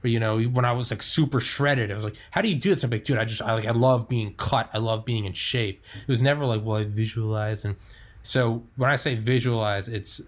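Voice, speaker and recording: A man's voice: mid-range voice, fairly even intonation, fairly quick. A young man hosting a casual podcast chat, talking candidly, swearing freely and acting out his own thoughts. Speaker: podcast host.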